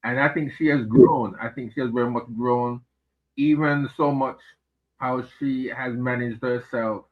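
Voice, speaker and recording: A man giving his views as a regular guest on a political chat show, speaking in a hesitant, measured way with many fillers and repeated words. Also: medium pitch, steady tone. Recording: tinny phone line.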